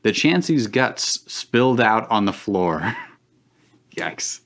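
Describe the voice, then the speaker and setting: A man's voice: lowish voice, very animated, takes it slowly, a bit bright. A man reading fan fiction aloud for laughs on a live stream, often breaking into chuckles.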